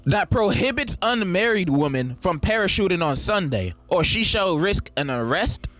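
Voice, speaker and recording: A man's voice: high-pitched, animated, moderate pace, a bit bright, no echo, faint music behind. A man narrating a comedy video in a mocking, exaggerated way, often breaking into sing-song outbursts.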